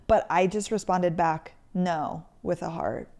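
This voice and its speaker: A content creator chats to camera, telling stories packed with "like"s and acted-out quotes in voices. Her voice is fairly low, creaky, and a little mellow, with lively intonation and a moderate pace, picked up by a camera mic.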